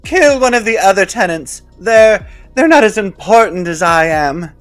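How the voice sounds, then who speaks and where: A man voicing a vain, glamorous old woman star who talks in a shrill, haughty way. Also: big pitch swings, slow pace, fairly bright tone, clean tone, dry recording, soft background music, full character voice. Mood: shrieking. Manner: shrill, haughty, self-important.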